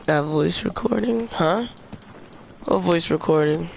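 A young man streaming a video game, chatting in slang and yelling at the game when things go wrong. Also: a little high, measured pace, vocal fry. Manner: excitable, trash-talking slang, yells at the game. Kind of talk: casual gaming commentary. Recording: noisy game sound underneath.

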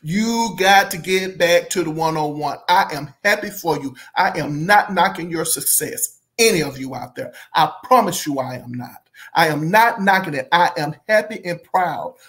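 Emphatic, fairly high-voiced man ranting about music. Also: lively intonation, moderate pace, a bit bright. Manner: emphatic, repeats phrases, bursts into helpless laughter. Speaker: music commentary host. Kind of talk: casual opinion monologue.

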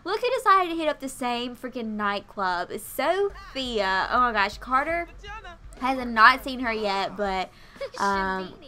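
A woman's voice: fairly high pitch, expressive, takes it slowly, sharp tone. A young woman doing casual gameplay commentary, chatty and gushing with lots of fillers. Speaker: let's play host.

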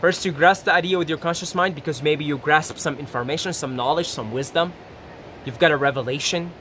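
A man's voice: a little high, a little fast, slight background noise. A man giving a casual, rambling motivational talk to camera, acting out quoted voices. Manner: animated, rambling, acts out little quoted voices, laughs often. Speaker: self-help YouTuber.

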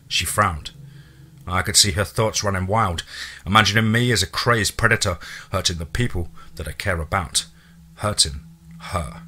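A man narrating a first-person horror story in a casual, profane way, with a husky voice. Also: low-pitched, moderate pace, sharp tone.

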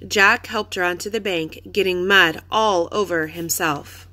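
A woman reading a children's chapter book aloud with clear, expressive storytelling. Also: lowish voice, measured pace. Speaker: reader.

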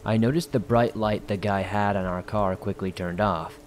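A man's voice: fairly low pitch, fairly even intonation, moderate pace, a little hiss or hum. A man hosting a horror story podcast, reading viewer stories in a casual, conversational scripted narration.

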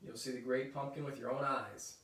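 A man's voice: mid-range voice, flat delivery, brisk, fairly bright tone, echoey room, recorded from a distance, lightly acted. A man voicing an earnest little boy from a storybook in a sincere, insistent way.

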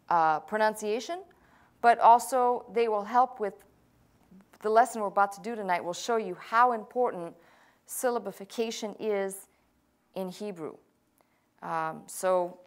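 Woman pastor giving a patient Hebrew lesson. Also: medium pitch. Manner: patient, explanatory, with frequent fillers. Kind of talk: classroom lecture.

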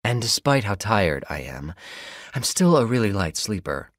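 A male narrator voicing an exhausted young woman doctor, husky and raspy, dry and blunt in her talk. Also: on the low side, sing-song, moderate pace, no room sound, voice pushed up.

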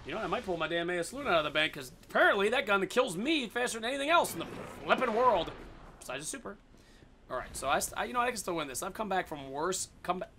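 A man giving excited, casual commentary on his own gameplay, swearing and yelling at the game. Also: high voice, fast talker, slight background noise. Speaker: gaming video host.

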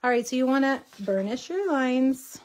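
A woman's voice: high-pitched, animated, moderate pace, a little mellow, slight background noise. A woman hosting a casual craft tutorial livestream, chatting with viewers as she works, with a slight cough. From Texas. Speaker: host.

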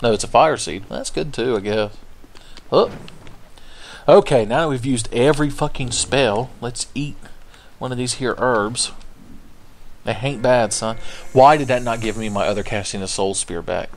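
A man's voice: medium pitch, moderate pace, pauses often, a little hiss or hum. A man giving casual, profane, sarcastic commentary while playing a video game. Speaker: gameplay commentator. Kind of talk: casual let's-play commentary.

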